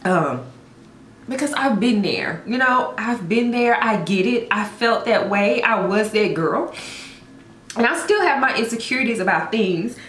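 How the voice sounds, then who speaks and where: A woman's voice: fairly high pitch, animated, measured pace, a bit bright, reverberant, slight background noise. A woman telling a personal story in a heartfelt vlog, speaking earnestly and encouraging her viewers with emphatic repetition. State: tearful at times. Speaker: vlogger.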